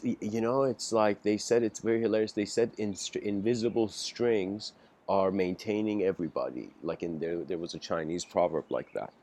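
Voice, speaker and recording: A man giving an improvised philosophical lecture, halting and musing with frequent restarts. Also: fairly low pitch, darkish tone.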